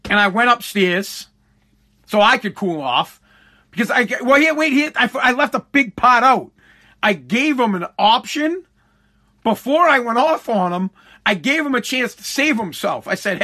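A man's voice: high voice, animated, normal speed, pushed and bright. A man, a father and podcast host, telling a heated, profane story with many restarts and repeated words. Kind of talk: casual storytelling monologue.

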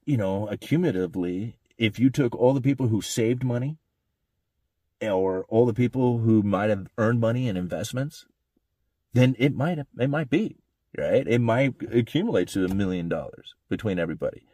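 A man with a fairly low voice talks through his thoughts in a loose, rambling way. He keeps checking in with "right?" and "you know" as he goes. The sound is dry and close, with no room around it. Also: expressive, normal speed, warm tone, no echo. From United States. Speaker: economics commentator. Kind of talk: casual monologue.

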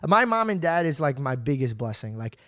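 A man hosting a podcast, telling long stories in a casual, animated way and acting out other people's lines. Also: mid-range voice, brisk, no room sound, clean studio sound. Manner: animated, acts out quoted voices, swears freely. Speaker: podcast host. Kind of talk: casual storytelling chat.

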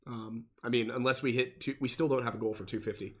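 A young man with a husky, slightly breathy voice co-hosts a livestream and talks with loose, easygoing banter. His pitch sits in the ordinary middle range, and his speech rambles along with frequent small fillers. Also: fast talker. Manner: relaxed banter, many fillers and restarts. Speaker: podcast co-host. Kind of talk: casual livestream chat.

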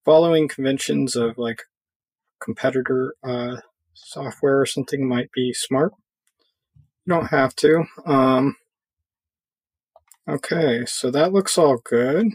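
Slow husky man walking through a tutorial. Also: medium pitch, dry recording. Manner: relaxed thinking aloud with fillers while clicking through software. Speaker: software tutorial presenter. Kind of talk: casual screen-recorded coding tutorial.

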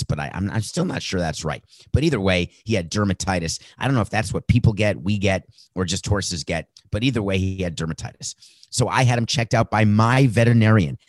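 A sports talk host with a very deep, low voice, delivering sarcastic and incredulous commentary. The sound is dry and close to the mic, with no room echo. He mocks as he talks and breaks into laughter. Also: a little mellow.

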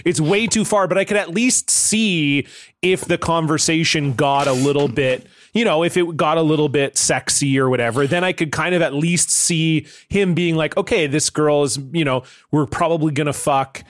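A man's voice: on the high side, normal speed, no room sound. Frank, joking man, dry close sound. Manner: frank, joking, asks questions. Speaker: podcast host. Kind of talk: casual chat.

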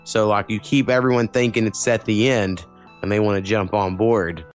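Blunt, foul-mouthed podcast host. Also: male voice, on the low side, fairly even intonation, over loud music. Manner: blunt, swears a lot, talks in quick bursts. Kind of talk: casual podcast chat.

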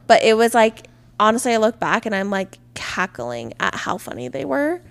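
A woman's voice: fairly high pitch, very animated, moderate pace, creaky, clean tone. A woman in her twenties co-hosting a podcast, chatting in a bubbly, enthusiastic way with plenty of slang. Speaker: podcast co-host. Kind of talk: casual chat.

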